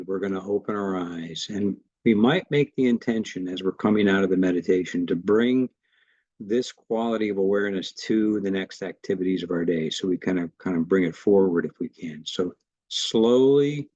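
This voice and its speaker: A man teaching a meditation class, guiding the breath practice in a gentle, reassuring way. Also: deep voice, normal speed, husky, no echo, dull audio. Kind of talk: guided meditation instruction.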